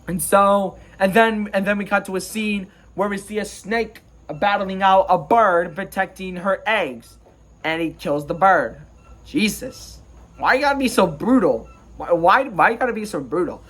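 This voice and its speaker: A man's voice: high-pitched, measured pace, fairly bright tone. A man giving a casual, rambling and jokey recap of a film as a reviewer. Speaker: movie reviewer.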